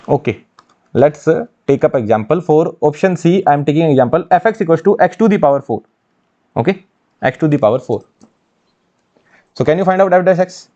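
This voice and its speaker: Teaching engineering math for an exam course online, a man with an Indian English accent asks questions he then answers and repeats the key phrases. His voice is a little high, warm, and expressive, fairly quick but with long pauses, and the audio sounds dull.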